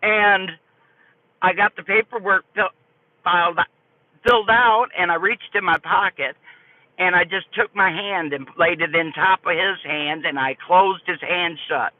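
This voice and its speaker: An older woman streaming live, telling a story to her chat in an animated, folksy way. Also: on the low side, unhurried, dry recording. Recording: tinny phone-like dry audio.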